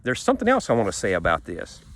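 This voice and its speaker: A man's voice: on the low side, wildly swooping pitch, fast talker, fairly bright tone, a little hiss or hum. Folksy sniffling man outdoors. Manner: folksy, rambling, repeats himself. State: stuffy nose, sniffling. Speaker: homesteading vlogger. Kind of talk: casual outdoor vlog. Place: outdoors in a sunny yard by a garden.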